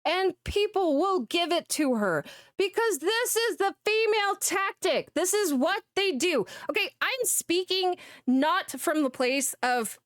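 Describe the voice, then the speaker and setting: A woman's voice: extremely high pitch, lively intonation, unhurried, fairly bright tone, no room sound, clean studio sound. A young woman, a VTuber commentator, ranting in a blunt, exasperated, profane reaction commentary.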